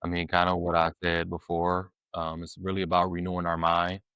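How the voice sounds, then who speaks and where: A man talking casually about faith and dating as a podcast guest, animated and fond of "you know what I'm saying", sometimes acting out his prayers. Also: low-pitched, a little fast, clean tone, dry recording, lo-fi sound. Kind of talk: casual faith-based conversation.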